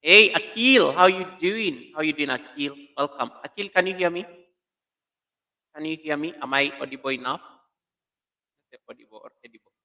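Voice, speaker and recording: This fairly high-pitched man hosts a casual live stream, greeting viewers by name with animation while trying out a new computer mic in a room with echo. He speaks at a moderate pace, pauses often, and sounds bright and forceful.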